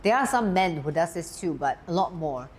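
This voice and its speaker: A woman coaching an audience on confidence, steady and emphatic as she teaches. Her voice sits fairly low, and she lifts it sharply on the words she wants to stress. A faint background hiss runs under the recording. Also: normal speed. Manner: steady, emphatic, lively pitch swings on key words. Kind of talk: talking-head teaching talk.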